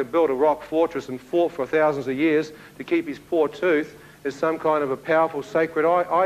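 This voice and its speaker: A man from New Zealand with a New Zealand accent, telling his testimony as a sermon and acting out the dialogue in an animated way. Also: fairly high pitch, muffled recording, a little hiss or hum. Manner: animated storyteller who acts out dialogue, with laughs. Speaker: preacher giving a testimony.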